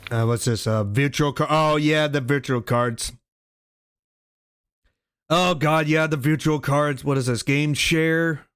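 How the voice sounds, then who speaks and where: A man's voice: fairly high pitch, fairly even intonation, slow pace, fairly bright tone, clean tone. A man streaming a video game, chatting casually in voice chat and grumbling about system updates. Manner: rambling, restarts, grumbles at updates. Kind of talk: casual chat while gaming.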